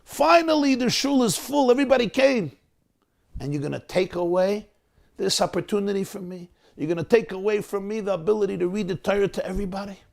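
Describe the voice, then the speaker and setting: A man voicing an old, hurt Torah reader who pleads with a rising, strained voice. The voice climbs high as he begs to keep his place, with a rough gravel underneath. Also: brisk. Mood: aggrieved.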